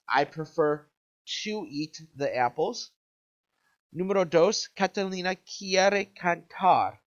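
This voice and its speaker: A male Spanish teacher giving an upbeat video lesson, checking in with "okay?" and quizzing the viewer. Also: fairly high pitch. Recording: dull lo-fi recording.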